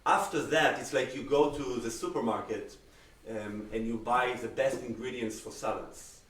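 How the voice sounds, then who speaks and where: Cello teacher, male, Israeli accent, lively explainer, recorded off-mic in an echoey room. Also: mid-range voice, normal speed. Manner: animated, uses everyday comparisons and acted-out examples. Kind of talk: masterclass critique. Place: room on a video call. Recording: roomy sound, distant from the mic.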